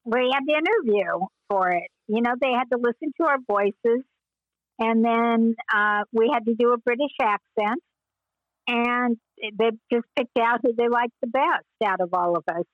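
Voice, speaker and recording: An older woman and former child actress, telling stories in an interview with meandering pauses and frequent laughs. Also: fairly high pitch, dry recording, phone-quality sound. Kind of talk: reminiscing interview.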